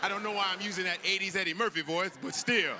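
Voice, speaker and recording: A man performing a stand-up comedy set on a club stage, acting out characters with sudden shouted outbursts. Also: high-pitched, quick pace. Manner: animated, acts out characters with big shouted outbursts. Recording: live club recording with audience noise.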